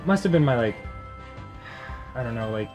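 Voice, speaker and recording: A man's voice: medium pitch, expressive, moderate pace, highs cut off. Guy in his 30s telling rambly restaurant stories over a game, lots of laughing and silly voices, faint music behind. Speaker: co-host. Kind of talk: casual storytelling while gaming.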